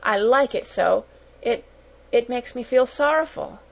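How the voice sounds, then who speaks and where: A woman voicing a warm-hearted, imaginative young schoolgirl who speaks in earnest, heartfelt exclamations in an audiobook. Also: fairly high pitch, expressive, unhurried, creaky, pitched above the performer's own voice, heavily acted. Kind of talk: audiobook character voice.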